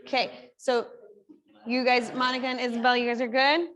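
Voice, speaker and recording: Woman physical therapist, high voice, upbeat chatty coaching in a studio class. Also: little pitch movement, normal speed, a bit bright. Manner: upbeat, chatty coaching cues with frequent "like" and "right?". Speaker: physical therapist leading a workshop. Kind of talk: live exercise coaching. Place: fitness studio group class.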